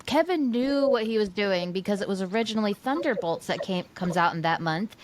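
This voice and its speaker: A woman's voice: mid-range voice, lively intonation, a little fast. A woman hosting a podcast, chatting eagerly and talkatively as a fan. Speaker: podcast host. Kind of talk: casual chat.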